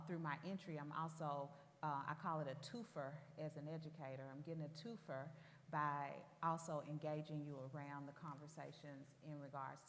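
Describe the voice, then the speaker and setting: A low-pitched woman in her forties with a Southern US accent, talking earnestly and proudly about her roots. Her voice carries a long hall reverb, as if she is recorded in a big room. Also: a little hiss or hum. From Tennessee, US. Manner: earnest, proud, measured storytelling. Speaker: school superintendent. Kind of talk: interview conversation.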